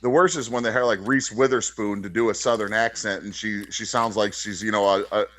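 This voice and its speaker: A man from Chicago co-hosting a wrestling podcast, talking in rambling, halting casual banter. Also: on the low side, steady tone, a bit bright. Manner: rambling, halting, with frequent restarts and laughs.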